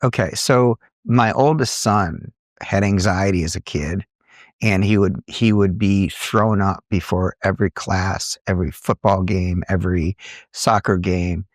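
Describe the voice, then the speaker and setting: A middle-aged man, an entrepreneur and coach, telling earnest, animated stories in a podcast conversation. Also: low-pitched, a little slow, no room sound, studio quality. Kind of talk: conversational storytelling.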